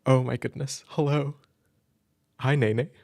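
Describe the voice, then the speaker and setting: A man hosting a live stream, nervous and excited, chatting loosely with lots of fillers and restarts. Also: medium pitch, slow pace, vocal fry, dry recording. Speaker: audio role-play creator hosting a live stream. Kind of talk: casual live-stream chat.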